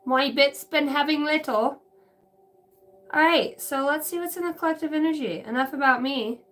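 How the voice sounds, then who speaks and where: In a rambling, casual vlog, a middle-aged channeler and card reader talks at a moderate pace with a high, fairly bright voice. Her speech is profane and full of laughter, and she keeps jumping between stories.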